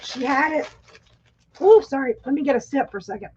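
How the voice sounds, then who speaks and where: A woman's voice: sits high, lively intonation, a little fast, a little mellow, dull audio, a little hiss or hum. A woman chatting casually to viewers on a live stream, her throat irritated and coughing. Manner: chatty, talks straight to viewers. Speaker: livestream host; schoolteacher.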